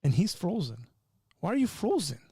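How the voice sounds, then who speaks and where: A man hosting a live call-in stream. His voice is mellow and gravelly, and it sounds dry and close. He teaches and jokes in an animated way, pushing hard on the points he stresses. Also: high voice, moderate pace, dry recording. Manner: animated and joking, teaching with rising emphasis. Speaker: livestream host. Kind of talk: live call-in show chat.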